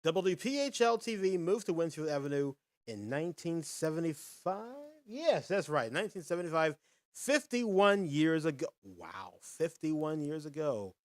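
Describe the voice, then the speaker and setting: A man hosting a live podcast with a lively, bouncing delivery that swings up and down in pitch. His voice sits a little higher than most men's. The sound is dry and close, with no room around it. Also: unhurried, no room sound. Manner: animated, folksy, addresses viewers directly. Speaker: podcast host. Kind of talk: casual live-stream chat and quiz.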